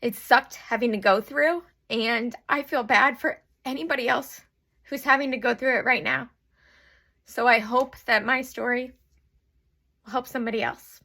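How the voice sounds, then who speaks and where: Woman, personal vlog, candid and self-deprecating, somewhat high voice, emotional. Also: normal speed, creaky, sharp tone. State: emotional, tearful. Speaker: vlogger. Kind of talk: personal story to camera.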